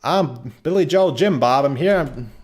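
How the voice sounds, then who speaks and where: A man's voice: a little high, expressive, unhurried, pitched above the performer's own voice. A man voicing a folksy rural man in an exaggerated put-on hillbilly accent, delivered in a hammy, bumbling way. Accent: put-on American hillbilly.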